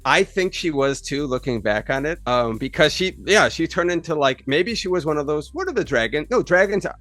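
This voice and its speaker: A man's voice: on the high side, animated, a little fast, a bit bright, dry recording. A man telling a story on a podcast in casual chat, laughing often and going up and down in energy.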